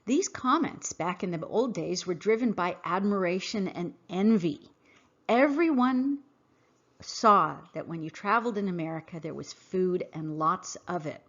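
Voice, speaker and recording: A woman hosting a podcast, reading a scripted monologue in an earnest, emphatic, measured way. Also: fairly low pitch, animated, fairly bright tone, dull audio. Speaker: podcast host. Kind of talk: scripted monologue read aloud.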